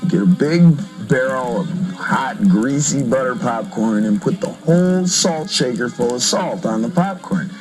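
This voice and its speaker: Animated joking male storyteller. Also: medium pitch, measured pace, few pauses, over music, rough recording. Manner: joking, animated storyteller who laughs often. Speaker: rock singer being interviewed. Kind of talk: casual interview storytelling. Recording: vintage interview record.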